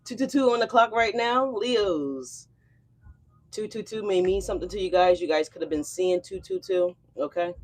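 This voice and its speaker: A woman's voice: mid-range voice, normal speed. A woman hosting a casual tarot reading, chatting in a loose, slangy way and checking in with her viewers. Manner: slangy, chatty, keeps checking in with "okay?" and "y'all". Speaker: tarot reader and channel host.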